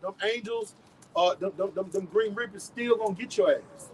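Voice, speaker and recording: A man with a Southern US accent preaching outdoors on a street, forceful and emphatic, often repeating his words. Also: sits high, normal speed, slight background noise, rough recording.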